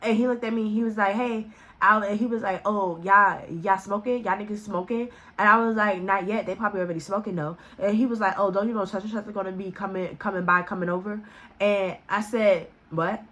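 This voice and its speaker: A woman vlogger telling a story in casual storytime style, profane and animated, acting out what others said. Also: fast. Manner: animated, profane, quotes people with raised pitch.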